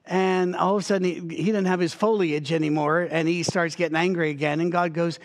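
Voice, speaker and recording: A man preaching a sermon as pastor, telling a story with lively acted-out voices and frequent chuckles. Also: on the high side, a little fast, hardly any pauses. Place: church.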